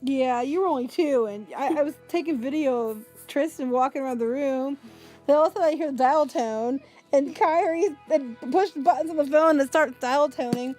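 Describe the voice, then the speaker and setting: Middle-aged mom podcasting with the family, talks fast and lively, music faint behind. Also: female voice, sits high. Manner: chatty, animated storyteller. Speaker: podcast co-host, mother. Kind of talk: casual family chat.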